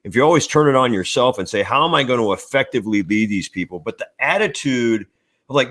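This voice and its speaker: A man's voice: medium pitch, expressive, fast, a bit bright. A man in his sixties, a retired naval officer, answering interview questions in a reflective, plain-spoken way. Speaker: retired admiral guest. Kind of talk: casual interview chat.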